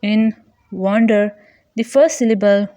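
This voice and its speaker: A woman teaches grammar at an unhurried pace, reading each definition and example word carefully. Her voice sits at a middle pitch, and her delivery is measured and scripted. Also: darkish tone, no room sound. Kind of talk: slow scripted grammar lesson.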